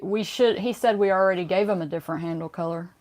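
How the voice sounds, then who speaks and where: A woman's voice: on the low side, quick pace, darkish tone. A woman co-hosting a casual livestream, matter-of-factly reading out viewer comments and answering order questions. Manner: matter-of-fact, reads viewer comments aloud. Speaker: co-host reading chat, camera operator.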